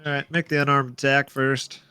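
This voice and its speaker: A man's voice: medium pitch, level tone, brisk, a crowd in the background. A man narrating as game master in a loose, casual way, full of fillers.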